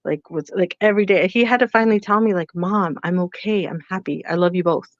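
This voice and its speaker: A middle-aged woman co-hosting a podcast, telling animated stories about her son and quoting what each of them said. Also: fairly low pitch, a little fast, no room sound. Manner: animated storytelling, quotes herself and her son. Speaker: podcast co-host. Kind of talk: casual chat. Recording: dull lo-fi podcast mic.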